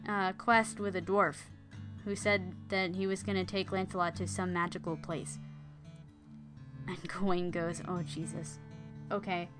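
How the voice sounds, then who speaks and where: A woman's voice: on the low side, level tone, a little slow, over music. A woman casually retelling an old legend for her listeners, playful, with jokey asides. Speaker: storyteller. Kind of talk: casual storytelling.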